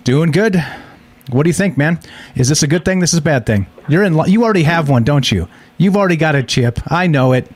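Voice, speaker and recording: Man, call-in radio host, relaxed banter, dry close mic. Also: a little high, no echo. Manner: easygoing, quick banter with callers. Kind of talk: late-night call-in radio chat.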